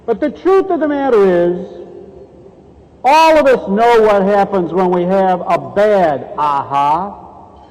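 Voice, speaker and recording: A man's voice: high voice, lively intonation, slow pace, a little mellow. A man giving a motivational keynote speech and joking playfully with the audience in a large conference hall. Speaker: keynote speaker. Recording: reverberant hall.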